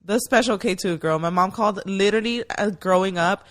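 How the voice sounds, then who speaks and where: Gushing, excitable woman co-host. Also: medium pitch, brisk, a little hiss or hum. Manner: gushing, excitable, swears casually. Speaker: podcast co-host. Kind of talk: casual chat.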